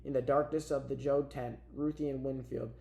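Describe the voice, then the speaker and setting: A man reads a novel aloud as audiobook narration, steady and plain, with small restarts. His pitch sits in a middle range. The sound has a roomy echo. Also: moderate pace, vocal fry. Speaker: audiobook reader.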